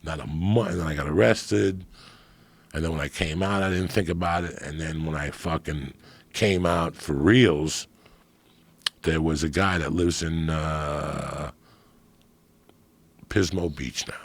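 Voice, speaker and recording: A man's voice: rumbling low, a little slow, long pauses, no room sound. A middle-aged man, a comedian guest, telling stories in a blunt, profane, streetwise way. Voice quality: gravelly, raspy. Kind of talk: casual storytelling.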